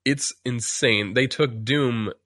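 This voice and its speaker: A man's voice: medium pitch, slow, a bit bright, no echo, clean studio sound. A man chatting casually on a podcast, rambling with many restarts and fillers while acting out quotes. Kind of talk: casual chat.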